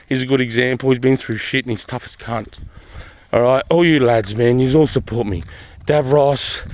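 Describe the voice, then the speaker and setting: A man's voice: medium pitch, a little hiss or hum. A middle-aged man with an Australian accent, a former soldier vlogging in a blunt, swearing, emphatic way and repeating his points. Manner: profane, emphatic, repetitive. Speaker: army veteran vlogger. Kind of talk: casual vlog talk.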